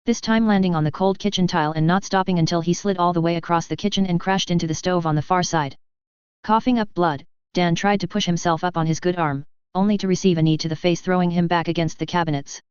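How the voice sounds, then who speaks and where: Crisp, smooth audiobook narrator. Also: medium pitch, steady tone, fast, no room sound. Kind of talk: audiobook fiction reading. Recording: slightly dull, lo-fi.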